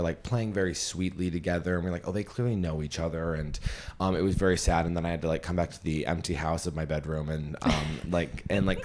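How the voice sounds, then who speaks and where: A young adult man with a deep, low-pitched voice hosts a casual podcast. He tells his story in a loose, rambling way, open and emotional as he goes. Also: a little mellow, slight background noise. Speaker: podcast host and comedian.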